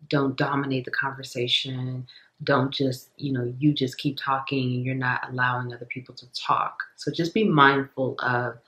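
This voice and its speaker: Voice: mid-range voice, fairly bright tone, echoey room, low-quality recording. A tarot reader giving a casual reading to viewers, rambling with lots of fillers, repeating phrases and stumbling over words.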